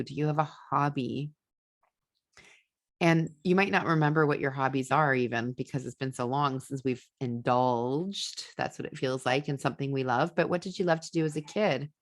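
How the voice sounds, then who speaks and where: A woman hosting a podcast, giving casual parenting advice with fillers and restarts, acting out venting voices. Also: low voice. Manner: animated, acts out venting voices. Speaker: podcast host and ADHD parenting coach.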